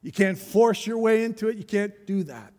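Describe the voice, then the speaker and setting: A man preaching a sermon, his voice pitched a little high and often climbing higher as he builds to loud calls. Between those peaks he drops to soft, searching questions. The sound rings with the long reverb of a large hall. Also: normal speed. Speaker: pastor.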